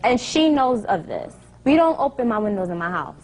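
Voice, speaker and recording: A woman defending herself in a TV courtroom, answering with quick, defensive rebuttals. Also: on the high side, big pitch swings, a little mellow. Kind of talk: courtroom testimony.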